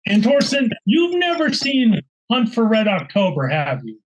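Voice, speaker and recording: Higher-voiced man teasing in a film chat. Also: wildly swooping pitch, measured pace, poor audio. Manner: teasing, joking. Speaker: movie club panelist. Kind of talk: casual group chat about a film.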